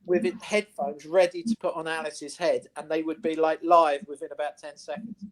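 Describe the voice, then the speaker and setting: Man, sports talk co-host, lively anecdotes, casual. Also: on the high side, normal speed. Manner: animated anecdote-telling, mimics voices in quotes. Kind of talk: casual chat, storytelling. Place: studio.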